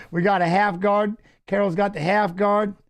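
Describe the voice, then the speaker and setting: A man's voice: sits high, fairly even intonation, unhurried. A man casually commenting on a fight as he watches along, rambling and swearing while telling stories between the action. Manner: rambling, profane, restarts and fillers.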